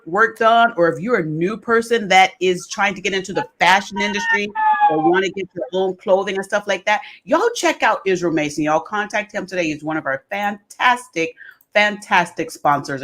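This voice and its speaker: A woman's voice: mid-range voice, a bit bright. A woman hosting a live talk show, greeting viewers and chatting casually. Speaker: host. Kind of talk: casual chat.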